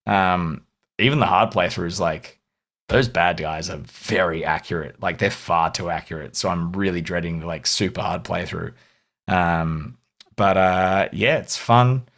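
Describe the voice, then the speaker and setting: Gravelly laid-back Australian guy. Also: deep voice, a little slow, a bit bright. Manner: rambling, laughing, filler-heavy. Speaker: podcast co-host. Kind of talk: casual chat.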